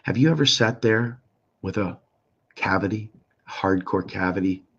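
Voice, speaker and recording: A middle-aged man giving an impassioned, profane rant full of pleading questions, swinging between a raised voice and a low one. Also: moderate pace, fairly bright tone, slightly rough. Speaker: political activist commentator. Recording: muffled lo-fi recording.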